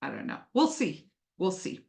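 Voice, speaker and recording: A woman's voice: fairly low pitch, huge pitch swings, normal speed, creaky, a little mellow. A woman giving a casual astrology lesson. She talks in a chatty, playful way and acts out little voices. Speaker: astrology teacher. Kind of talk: casual teaching talk. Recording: roomy echo.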